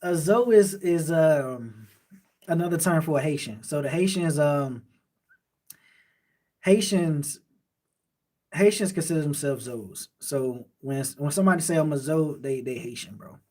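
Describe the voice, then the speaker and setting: This late-night livestream host, a Miami native with the accent to match, answers viewer comments in a loose, rambling, relaxed way as he reads chat. His high-leaning voice is darkish in tone, unhurried, and broken by long pauses.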